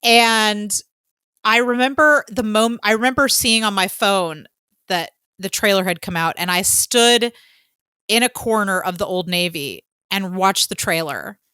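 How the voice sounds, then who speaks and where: A woman co-hosting a podcast in casual chat, an excitable fan who gushes and fills her talk with "um". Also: mid-range voice, measured pace, smooth, no echo. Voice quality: excitable, gushing fan with many fillers. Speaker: podcast co-host.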